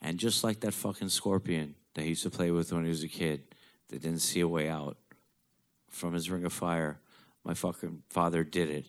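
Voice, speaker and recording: Deep-voiced man telling a blunt story. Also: steady tone, normal speed. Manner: blunt, profane, darkly joking. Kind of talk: personal storytelling.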